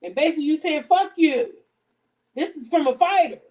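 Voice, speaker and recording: Cooking in her home kitchen, this middle-aged livestream host talks in a blunt, heated, profanity-laden way. Her voice is high, very fast, expressive and somewhat dark. The rough recording catches her from a distance, a little off-mic.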